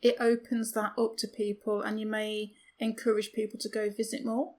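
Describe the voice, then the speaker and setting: Woman cohost, chatty, pokes fun at herself, asks lots of little rhetorical questions, middle pitch. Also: little pitch movement, normal speed, a little mellow. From United Kingdom. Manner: chatty, self-deprecating, rhetorical asides. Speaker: podcast co-host. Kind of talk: casual chat.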